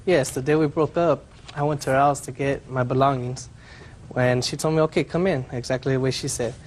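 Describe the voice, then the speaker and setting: A man speaks as defendant in a courtroom, walking through what happened one step at a time. He stumbles and restarts now and then in a plain, mid-pitched voice. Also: fairly even intonation, a little mellow, slight background noise. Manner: step-by-step retelling, halting restarts. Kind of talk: courtroom testimony.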